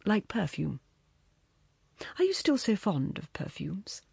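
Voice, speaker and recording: A woman's voice: medium pitch, wildly swooping pitch, slow pace, vocal fry, darkish tone, breathy edge, dry recording, exaggerated voice. A woman reading the lines of a wistful, self-assured man in an audiobook story, reminiscing and lightly boastful.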